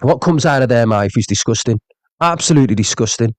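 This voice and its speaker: A man's voice: mid-range voice, expressive, brisk, no room sound. A man on a live stream, ranting angrily with lots of swearing, repeating himself and reading out viewer comments. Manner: angry, profane, repeats "you know what I mean".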